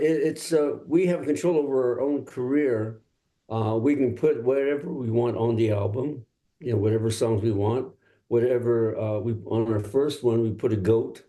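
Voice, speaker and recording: This clip features an older man from Los Angeles, a singer-songwriter appearing as a guest in a casual interview. His voice sits at a medium pitch with a warm tone, and his stories are easygoing and rambling.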